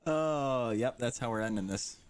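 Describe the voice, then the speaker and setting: A man's voice: medium pitch, normal speed, clear, resonant tone. A man co-hosting a casual podcast, easygoing and steering the conversation. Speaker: podcast co-host.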